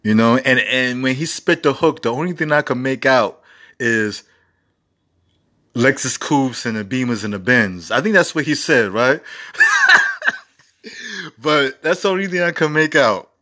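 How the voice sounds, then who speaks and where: A man's voice: mid-range voice, moderate pace, pushed and bright. A man in his forties hosting a casual music review show, rambling and profane with enthusiastic asides. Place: home recording setup.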